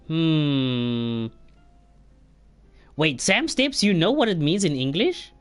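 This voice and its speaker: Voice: medium pitch, expressive, extremely slow, long pauses, smooth, faint music behind. A game streamer chatting casually, joking and stumbling while reading foreign words aloud. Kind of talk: casual live-stream commentary.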